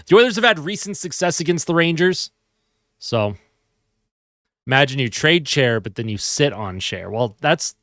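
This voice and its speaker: A man's voice: on the high side, animated, normal speed, fairly bright tone, no room sound. Sleepy man chatting in a dry room. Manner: chatty, reads and answers viewer comments. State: sleepy, yawning. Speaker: livestream host. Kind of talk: casual live fan commentary.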